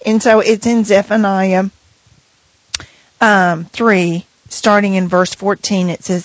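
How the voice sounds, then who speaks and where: A woman co-hosting a Christian radio program, earnestly sharing a personal testimony and reading scripture slowly and reflectively. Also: mid-range voice, flat delivery, dry recording, poor audio.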